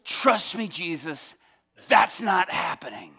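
A man's voice: sits high, lively intonation, slow, vocal fry, pushed and bright, slightly rough, voice pushed down, full character voice. A man voicing a skeptical, exasperated fisherman who talks back sarcastically. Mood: sarcastic. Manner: sarcastic, incredulous.

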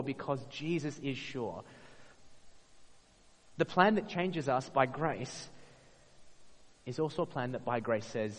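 A man preaching a sermon in an earnest way, swelling to emphatic peaks and then dropping soft. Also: mid-range voice, a little slow, pauses often, big-room sound, poor audio.

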